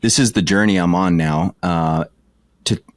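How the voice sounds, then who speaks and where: A man's voice: low-pitched, unhurried, dry recording, studio quality. A man hosting a podcast, talking in a reflective, earnest way with many hesitations. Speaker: podcast host. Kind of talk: reflective interview talk.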